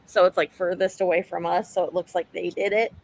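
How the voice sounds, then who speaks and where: A woman playing a tabletop game, talking excitedly and chattily with lots of fillers. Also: lowish voice, brisk, vocal fry. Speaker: player. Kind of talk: casual tabletop play.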